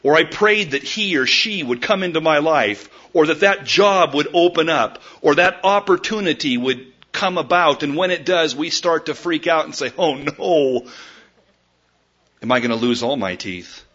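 Male pastor, animated sermon, slightly high voice, dull lo-fi church recording. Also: normal speed, few pauses. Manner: animated storytelling, acts out quoted voices.

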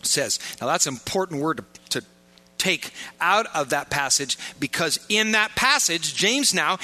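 A man's voice: high voice, sing-song, moderate pace, bright, forceful tone. A man preaching a sermon as pastor, joking and informal in asides, pressing his points with emphatic repetition.

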